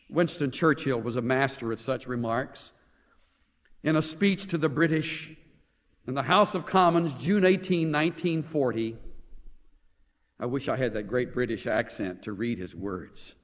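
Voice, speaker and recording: A man preaching a sermon, moving from hushed lines to emphatic, dramatic ones. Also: medium pitch, unhurried. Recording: long hall reverb.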